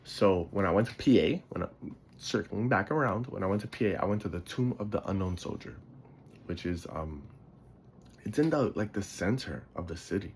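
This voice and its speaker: A man's voice: sits low, animated, normal speed, a little mellow, slight background noise. Sleepy, rambling New guy. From the Bronx, New York. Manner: rambling, loses his thread, swears casually. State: sleepy, yawning a lot. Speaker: podcast host. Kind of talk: casual storytelling monologue.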